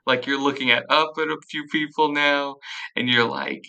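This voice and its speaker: A gravelly, bright-toned game master leads a tabletop game. The narration rambles loosely as it moves the scene along. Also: medium pitch, fairly even intonation, moderate pace, rough recording.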